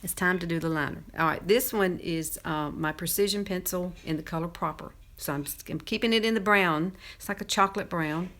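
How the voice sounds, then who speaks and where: A woman's voice: lowish voice, brisk, few pauses, fairly bright tone. A woman in her fifties with a Southern American accent, chatting casually through a makeup tutorial and laughing often as she works. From Southern United States. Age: 50s. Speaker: makeup presenter.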